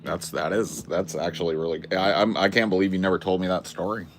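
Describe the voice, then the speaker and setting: A man hosting a casual podcast chat in a relaxed way, chiming in with short reactions. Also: deep voice, a little fast, background noise.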